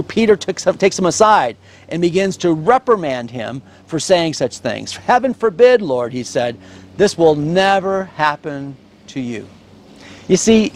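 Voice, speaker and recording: Animated man preaching a sermon. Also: sits high. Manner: animated, stresses key words, asides with light laughter. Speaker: pastor.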